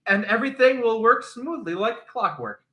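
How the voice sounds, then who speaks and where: A man's voice: very high-pitched, animated, moderate pace, muffled recording. A male co-host making dry, wry comments in casual chat.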